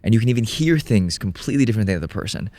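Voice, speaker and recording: Low-voiced young man, reflective and halting. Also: lively intonation, a little mellow, dry recording. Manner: reflective, halting, restarts his thoughts. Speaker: podcast co-host. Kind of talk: casual conversation.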